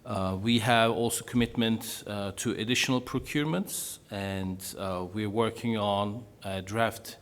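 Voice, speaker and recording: A middle-aged man with a Turkish and Norwegian accent speaks in a lowish register. He presents to a conference panel over a microphone, halting often with fillers. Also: fairly even intonation, a bit bright. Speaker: panelist presenting on offshore wind. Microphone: handheld or table microphone.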